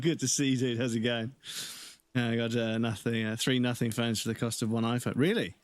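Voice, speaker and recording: A man's voice: mid-range voice, steady tone, fairly quick, no room sound. A man streaming a game, chatting casually and rambling, swearing and greeting viewers. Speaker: live streamer. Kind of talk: casual chat over gameplay.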